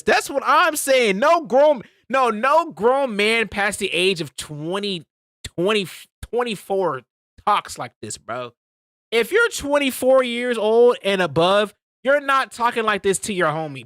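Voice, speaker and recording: A man's voice: high voice, sharp tone, smooth, dry recording, studio quality. A man streaming, reacting to a clip in a casual, slangy way, often laughing.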